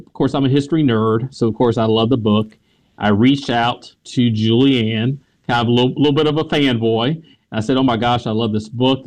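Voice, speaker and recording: A man with a Southern American accent, an author and history teacher, telling a story in a radio interview, animated and laughing often. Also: medium pitch.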